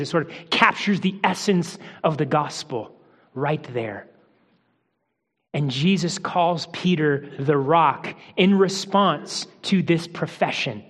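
High-voiced man preaching in a hall. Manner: explanatory teaching with restarts, softens for quoted lines. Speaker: pastor. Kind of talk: sermon.

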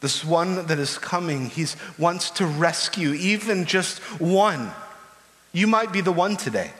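A man delivering a sermon from the pulpit, earnest and pressing harder as he goes. His voice sits slightly high for a man. A long reverb from the church hall trails after each phrase. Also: animated, unhurried, fairly bright tone. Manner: earnest, builds to urgent pleading. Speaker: pastor.

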